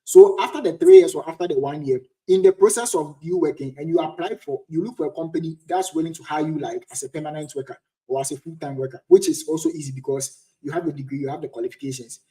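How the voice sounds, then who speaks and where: A man's voice: on the high side, fast talker, hardly any pauses, warm tone. A young Ghanaian man in his twenties hosting a casual livestream chat and answering viewers' questions. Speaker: livestream host. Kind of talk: casual live-stream chat.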